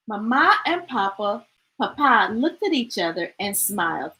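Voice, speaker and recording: A woman reading a children's picture book aloud in an expressive, sing-song narration style. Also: mid-range voice, measured pace, poor audio. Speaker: storytime reader. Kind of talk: children's story read-aloud.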